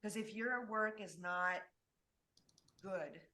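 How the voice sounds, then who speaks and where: A woman's voice: medium pitch, takes it slowly, pushed and bright. A woman from Mexico talking casually about her schooling in graphic design, chatty and restarting her sentences often. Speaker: designer and guest. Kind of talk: casual conversation.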